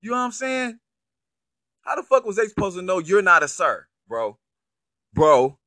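Male vlogger reacting to a viral video, slangy and worked up, slightly high bright voice. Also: moderate pace, no echo, clean studio sound. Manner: profane, incredulous, animated slang. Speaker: online commentator. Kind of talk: casual reaction commentary.

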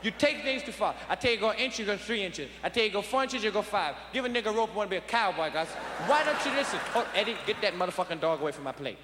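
A man playing a drunk father shouting and ranting at his family during a backyard cookout. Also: sits high, lively intonation, quick pace, hardly any pauses. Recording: echoey live venue with crowd noise.

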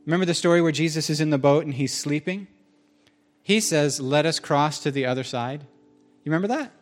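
A man preaching a sermon in a conversational, animated way, joking with the congregation in a church hall. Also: fairly high pitch, brisk. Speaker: pastor.

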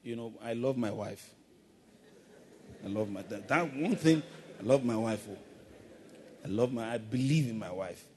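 A man's voice: medium pitch, moderate pace, long pauses, a little mellow, in a large hall, a little hiss or hum. A male pastor preaching a sermon, calling for amens and acting out playful asides. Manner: preaching with call-and-response and playful acted asides.

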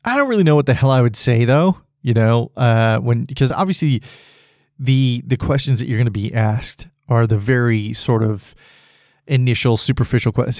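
A man's voice: mid-range voice, normal speed, a little mellow, no room sound, studio quality. A man hosting a solo podcast, rambling casually and laughing at his own jokes. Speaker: podcast host.

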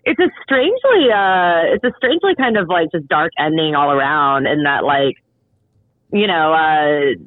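A co-host chiming in with thoughtful, analytical points in a relaxed chat. The voice comes through a thin, phone-like line and sounds dry and close, with no room around it. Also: mid-range voice, moderate pace, no echo. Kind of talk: casual chat about a play. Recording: tinny phone-like call line.

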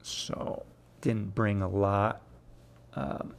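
A man in his fifties talks through a casual solo episode of his poetry show. His voice sits low with a gravelly edge. He rambles, restarts phrases and corrects himself, with frequent small chuckles. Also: little pitch movement, very slow. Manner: chuckles often mid-sentence.

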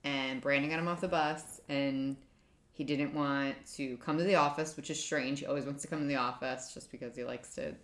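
Woman, thirties, low voice, chatty storyteller, lots of "like", echoey room. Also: steady tone, brisk, a bit bright. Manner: chatty storyteller, many "like" fillers. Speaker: podcast co-host. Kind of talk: casual chat.

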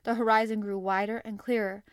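A woman narrating an audiobook in a steady, expressive reading style. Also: medium pitch, brisk, smooth, no echo, studio quality.

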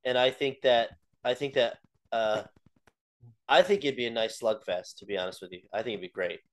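A man co-hosting a podcast, chatting casually with a relaxed, hesitant manner and plenty of short agreements. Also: medium pitch, moderate pace. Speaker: podcast co-host. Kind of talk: casual chat.

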